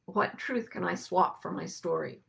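A woman hosting a reflective spiritual talk to a group, soft-spoken and unhurried, sometimes sinking to hushed whispers. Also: lowish voice, creaky. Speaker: podcast host and teacher.

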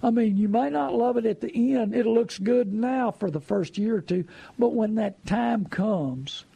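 Folksy man with a gravelly voice. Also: sits high, unhurried, warm tone, no room sound. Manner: folksy, preachy, asks rhetorical questions. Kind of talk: casual advice talk.

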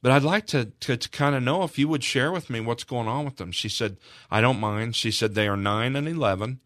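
A man's voice: medium pitch, brisk, no echo, studio quality. Earnest man telling a moving story. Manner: earnest, emotional storytelling that grows louder at key moments. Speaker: charity representative. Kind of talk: storytelling in a radio interview.

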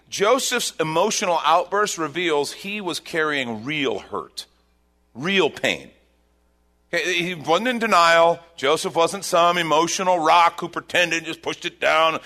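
A male pastor preaching a sermon, animated and acting out the voices of the people he quotes. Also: medium pitch.

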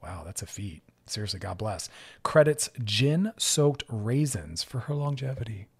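A man's voice: on the low side, expressive, a little slow, breathy edge. A man hosting a radio talk show as a therapist, chatting in an upbeat way and laughing often.

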